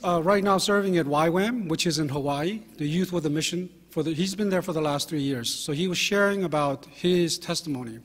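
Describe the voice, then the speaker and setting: A man in his fifties, a pastor telling anecdotes in a relaxed sermon, with fillers and self-deprecating humor. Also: a little high. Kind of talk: conversational sermon storytelling. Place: church sanctuary. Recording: long hall reverb from a church.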